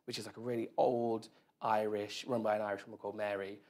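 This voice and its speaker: A man's voice: on the low side, flat delivery, fast, darkish tone. A man guest chatting casually in front of an audience, telling rambling self-deprecating stories full of "like". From England. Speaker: interview guest. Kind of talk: casual storytelling chat. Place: event room with live audience.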